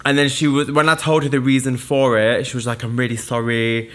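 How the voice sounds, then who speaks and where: A man's voice: medium pitch, fairly even intonation, a little fast, a bit bright. A young man, co-hosting a podcast and chatting casually, telling stories with plenty of laughter. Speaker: podcast co-host. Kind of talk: casual chat, storytelling.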